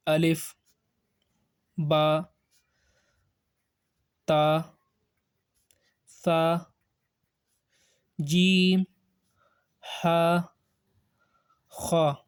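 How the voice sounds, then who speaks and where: A woman teaching Quran reading in a recorded lesson, hesitant, pausing with frequent "uh" and repeating each term. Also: lowish voice, mellow. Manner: slow, halting, with frequent "uh" and repeated terms. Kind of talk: recorded lesson explaining Arabic letters.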